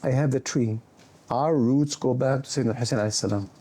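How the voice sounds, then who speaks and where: Middle-aged man, warm animated storyteller. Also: mid-range voice, quick pace. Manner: animated storyteller, drops Arabic words into English. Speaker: guest surgeon. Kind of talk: conversational storytelling.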